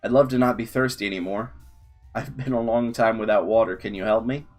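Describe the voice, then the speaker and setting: A man's voice: on the low side, fairly even intonation, fairly quick, darkish tone, soft background music, natural voice. A man voicing a thirsty, confused stranger in the desert who stammers and asks anxious questions. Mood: pleading. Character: parched, dazed male desert wanderer, frightened and confused.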